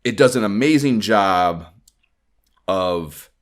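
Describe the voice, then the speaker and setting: Deep-voiced man telling a rambling story. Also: lively intonation, slow pace. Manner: rambling, profane storytelling with frequent laughs. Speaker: podcast host. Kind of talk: casual chat.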